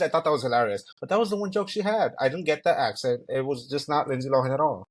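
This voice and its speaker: A man's voice: mid-range voice, fast, hardly any pauses. A man co-hosting a podcast who gives blunt opinions with a shady edge. He swears casually and says plainly what he didn't like. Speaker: podcast co-host. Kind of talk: casual chat recapping a reality show.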